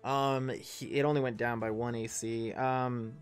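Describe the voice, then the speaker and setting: A man's voice: mid-range voice, level tone, measured pace, clean tone, soft background music. Rambling man running a tabletop game. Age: 30s. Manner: rambling, full of ums and self-corrections, swears casually. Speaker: game master and player.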